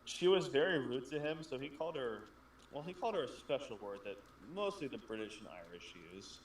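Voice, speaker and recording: A man's voice: medium pitch, expressive, brisk, far from the mic, slight background noise. A man co-hosting a casual gaming stream, telling stories and swearing freely. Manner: profane, rambling storyteller. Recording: echoey and off-mic with music.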